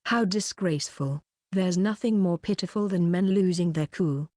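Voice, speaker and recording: A woman's voice: lowish voice, normal speed, warm tone, no echo, clean studio sound, natural voice. A woman voicing an arrogant, vain teenage schoolboy who talks in a smug, pompous way.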